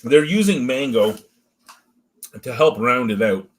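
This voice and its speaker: A man's voice: mid-range voice, animated, measured pace, slight background noise. A man hosting a casual beer review, talking through smells and flavors with frequent swearing and jokes. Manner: profane, joking, chatty running commentary.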